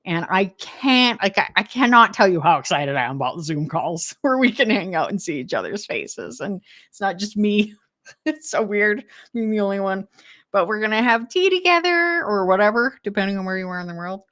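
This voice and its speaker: A woman from Western Canada with a Canadian English accent hosts a decluttering livestream, chatting casually and enthusiastically with viewers and laughing often. Her mid-range voice is sing-song and fairly bright at a moderate pace, in clean studio sound with no room sound.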